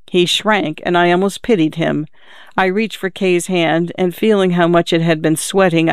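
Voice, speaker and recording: A woman reads literary short stories for radio in a smooth, clear voice. Her delivery is measured and even, and the sound is dry and close. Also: fairly low pitch, no room sound. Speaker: radio story reader. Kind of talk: scripted narration of short stories.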